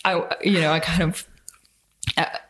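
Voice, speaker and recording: A woman co-hosting a podcast chats casually and rambles with lots of fillers and restarts. Her voice is lowish and fairly bright in tone, with a flat delivery at a measured pace.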